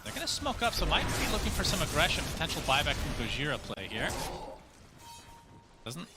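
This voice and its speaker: A man doing live play-by-play commentary on an esports match, speeding up and rising with excitement on the big plays. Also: fairly high pitch, brisk, loud music behind the voice.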